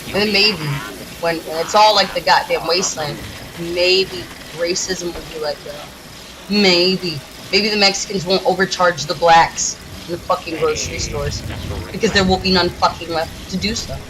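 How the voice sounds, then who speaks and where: A woman from the United States, a gaming streamer, ranting in a heated, profane, rapid-fire way while she plays. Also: fairly low pitch, fairly even intonation, noisy background. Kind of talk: casual ranting during a livestream.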